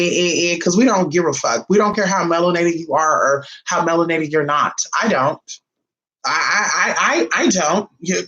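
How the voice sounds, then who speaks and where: A woman talking casually to her viewers in a sassy, profane monologue, full of drawn-out teasing asides. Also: medium pitch, lo-fi sound. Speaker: spiritual vlogger.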